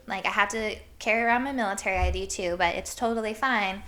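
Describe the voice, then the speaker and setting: A woman's voice: mid-range voice, quick pace, pushed and bright. A woman from Iowa hosting a podcast, telling stories in a casual, rambling way, full of "like" and frequent laughs. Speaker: podcast host. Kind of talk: casual storytelling chat.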